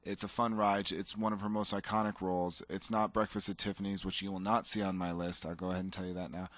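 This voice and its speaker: A man's voice: deep voice, flat delivery, fast, a bit bright, dry recording. A man co-hosting a casual talk show, rambling enthusiastically about his favorite films with frequent restarts. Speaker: podcast co-host. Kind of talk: casual chat.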